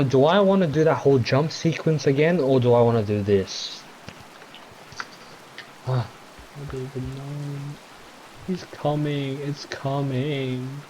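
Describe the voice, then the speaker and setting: A man giving gameplay commentary, reacting loudly and talking to the creatures he meets on screen. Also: mid-range voice, lo-fi sound, a little hiss or hum. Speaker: gameplay streamer.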